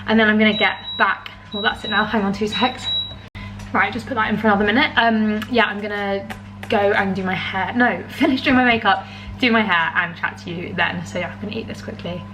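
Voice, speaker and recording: A woman's voice: mid-range voice, steady tone, brisk, music in the background. A young British woman chatting casually to the camera in her home, rambling with lots of ums and likes and frequent little laughs. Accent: British English. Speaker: vlogger.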